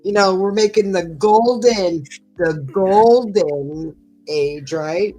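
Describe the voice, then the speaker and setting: A middle-aged woman co-hosts a livestream in a fairly low, warm voice, and the recording is rough. She rambles from story to story in casual chat, packing her talk with fillers.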